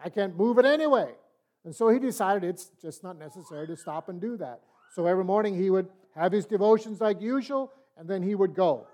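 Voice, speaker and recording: An older man teaching a Bible study in a relaxed, folksy, conversational way, telling stories. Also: sits high, fairly quick, hardly any pauses. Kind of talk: sermon-style storytelling and teaching.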